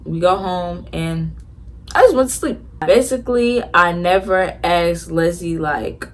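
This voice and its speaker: A woman's voice: on the low side, unhurried. Chatty teenage girl vlogger, slangy. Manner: chatty, slangy, full of fillers and restarts. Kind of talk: casual storytime.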